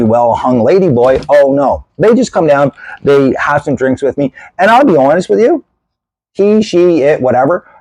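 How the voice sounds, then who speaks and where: A man in casual storytelling mode as host of his own video channel, animated and self-mocking, and sick with a lung infection. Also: medium pitch, no room sound, rough recording. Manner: animated, self-mocking, gestures while telling.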